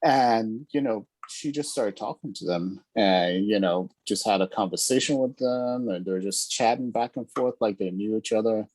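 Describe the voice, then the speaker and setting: A man tells a relaxed, amused story on a casual podcast. His voice is fairly low and a little husky. The sound is dry and close, with little room around it. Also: normal speed, few pauses, no room sound. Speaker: podcast co-host. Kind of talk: casual anecdote.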